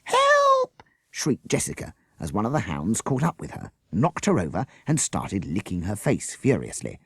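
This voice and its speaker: A man reading a children's storybook aloud with a lively, expressive delivery. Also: low voice, moderate pace, gravelly, slightly rough, no room sound, studio quality. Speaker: audiobook reader. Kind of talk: storybook narration.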